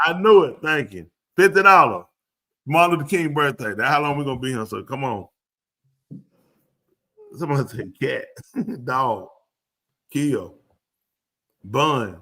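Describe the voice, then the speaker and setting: Playful bright-voiced man hosting live. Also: mid-range voice, measured pace, long pauses. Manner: playful, repeats words, drawling and animated. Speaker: live show host. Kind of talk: casual live-stream banter.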